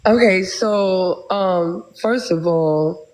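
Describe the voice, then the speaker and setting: A woman from South Texas takes her turn in a live online debate. She starts with halting restarts and then argues her point steadily and insistently. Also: on the low side, darkish tone, low-quality recording. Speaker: guest speaker in a live audio room.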